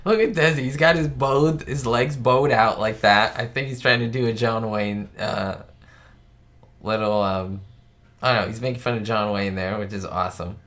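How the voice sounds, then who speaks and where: A man's voice: lowish voice, normal speed, a bit bright. A man hosting a live stream, chatting enthusiastically in a casual way and reading out viewer questions.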